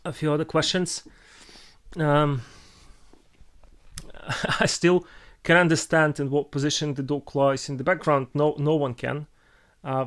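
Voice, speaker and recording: Halting Russian-accented man with smooth voice. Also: medium pitch. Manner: halting, many restarts and filler sounds. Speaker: streamer answering viewer questions. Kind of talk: casual live-stream chat.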